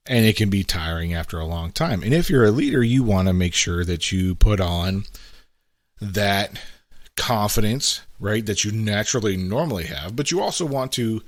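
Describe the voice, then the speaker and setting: A man's voice: deep voice, no room sound. A middle-aged man hosting a podcast, talking in a casual, reflective monologue with frequent "right?" asides. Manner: conversational, frequent "right?" asides, acts out quotes. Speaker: podcast host.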